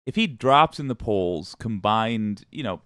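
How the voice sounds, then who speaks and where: A man's voice: lowish voice, lively intonation, measured pace, fairly bright tone, dry recording, clean studio sound. A man hosting a political commentary show, talking casually with wry, profane, rambling asides.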